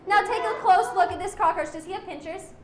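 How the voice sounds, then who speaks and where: High-voiced woman teaching kids about animals. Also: a little fast, echoey room, slight background noise. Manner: lively, playful, asks the audience questions. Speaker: zoo educator. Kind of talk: animal presentation for children.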